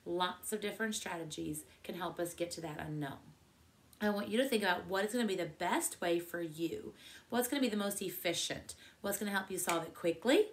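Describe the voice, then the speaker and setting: A woman's voice: fairly low pitch, a little fast, slight background noise. A woman teaches a math lesson to second graders. She talks in an encouraging way and keeps asking the class questions as she works through a problem. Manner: encouraging, asks many questions.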